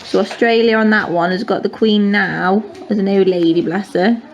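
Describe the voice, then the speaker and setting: A woman's voice: mid-range voice, fairly even intonation, normal speed, muffled recording, slight background noise. A woman, a homeschooling mother chatting patiently with her children at a table at home. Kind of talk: casual family chat.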